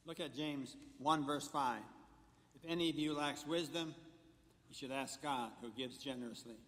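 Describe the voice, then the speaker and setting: The pastor's voice is fairly high and a bit bright as he gives a sermon in a church sanctuary. He goes point by numbered point, tossing in jokes, and the recording has a long church reverb.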